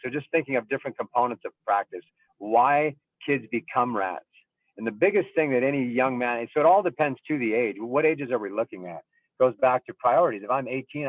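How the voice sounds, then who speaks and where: A man's voice: lowish voice, dry recording. Man on a tinny, dry call line. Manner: thoughtful, explains with everyday examples and frequent ums. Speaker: baseball coach and scout. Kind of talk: casual panel discussion.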